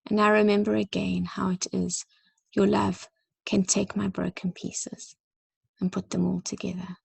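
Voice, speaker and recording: A woman leading a church gathering, reading a prayer poem aloud in a soft, slow and reflective way that often drops close to a whisper. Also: medium pitch, flat delivery, creaky, husky, no room sound. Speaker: church leader.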